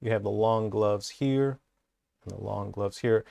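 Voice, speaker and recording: A man's voice: lowish voice, steady tone, a little slow, creaky, a little mellow, no echo. A man working as a character designer, giving an enthusiastic, rambling commentary full of hesitations. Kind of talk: casual commentary breakdown.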